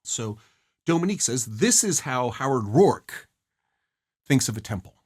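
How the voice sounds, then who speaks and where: A man presents a study guide in an earnest, emphatic way. His slightly husky voice swings widely in pitch and jumps high on the words he wants to stress. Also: sing-song, unhurried. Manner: earnest, emphatic, rises sharply on key phrases. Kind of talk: explaining a novel's scene and song lyrics.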